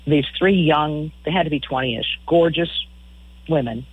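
Middle-aged woman, musician guest, radio interview, frank storytelling, husky, dry close sound. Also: low-pitched, a little slow, dry recording. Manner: storytelling, frank, repeats words. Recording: phone-line audio.

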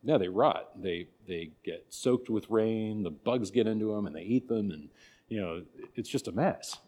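A man's voice: fairly low pitch, normal speed, mellow. A man teaching a church catechism class in a folksy, conversational way, acting out little asides. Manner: folksy, conversational, with many restarts and acted asides. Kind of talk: casual catechism class talk.

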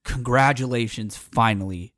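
A man's voice: medium pitch, normal speed, a bit bright, no echo, clean studio sound. A man co-hosting a podcast in casual chat, talking eagerly with restarts and frequent laughs. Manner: chatty, repeats and restarts, laughs often. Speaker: podcast co-host.

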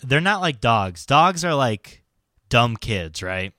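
Bright-voiced man in easygoing banter. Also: mid-range voice, very animated, slow pace, no room sound, clean studio sound. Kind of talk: casual chat.

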